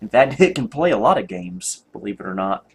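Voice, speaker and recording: A man's voice: medium pitch, big pitch swings, a little fast, slightly rough. A man, rambling and joking at himself with many ums while commenting on gameplay. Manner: rambling, self-mocking, many ums and laughs. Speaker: retro computer video host.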